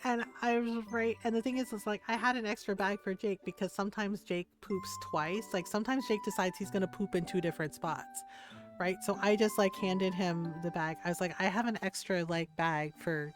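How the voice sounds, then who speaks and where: A woman's voice: medium pitch, fairly quick, faint music behind. A woman streamer telling a rambling neighbor story while she games, tagging her sentences with "right?" and acting out the people in it. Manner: animated, acts out other people's lines. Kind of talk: casual storytelling while gaming.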